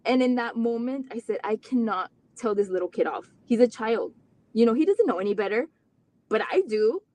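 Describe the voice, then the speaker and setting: In a live interview, a woman who is a mother and parent guest candidly recounts her family's story, earnest and heartfelt. Her fairly high voice moves at a moderate pace through long run-on sentences heavy with "like," and she turns animated when reliving conversations.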